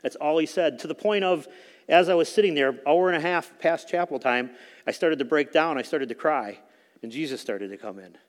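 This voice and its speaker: A man's voice: on the high side, normal speed, long reverb tail. A middle-aged man giving a conversational sermon testimony in a church, telling a story with frequent fillers. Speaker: speaker at church.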